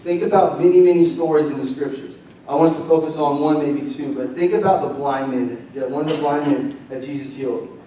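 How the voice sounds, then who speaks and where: A young man preaching a lively, conversational sermon as pastor, leading the congregation in call-and-response. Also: a little high, fairly quick, slight background noise. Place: church sanctuary. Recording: roomy distant church mic.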